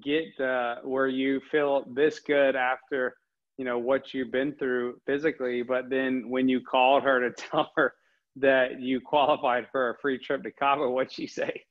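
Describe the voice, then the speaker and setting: A man's voice: mid-range voice, level tone, unhurried. A man hosting a casual interview, upbeat and encouraging, asking long rambling questions. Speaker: host. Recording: slightly dull lo-fi audio.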